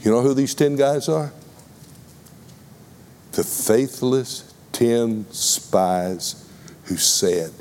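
A man with a Texas accent preaching a sermon, deliberate and addressing the congregation with questions. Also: mid-range voice, lively intonation, darkish tone, in a large hall.

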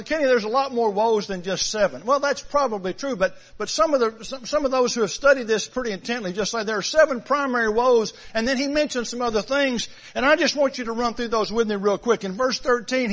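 A man's voice: very high voice, a bit bright. A man preaching a sermon, emphatic, repeating phrases and stressing key words. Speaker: pastor. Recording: dull lo-fi sound.

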